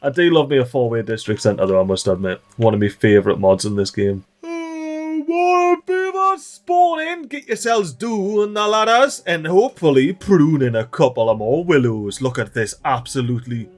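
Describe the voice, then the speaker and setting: Man hosting a gaming channel, excitable and chatty, voice bouncing all over. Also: medium pitch, fairly quick, hardly any pauses. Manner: excitable, chatty, talks to the game characters. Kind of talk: let's play commentary.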